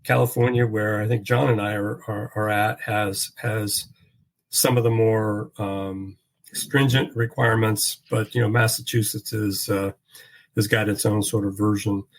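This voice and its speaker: Low-voiced man weighing his words. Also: level tone, poor audio. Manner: measured, frequent fillers and restarts. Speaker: standards expert. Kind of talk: panel discussion.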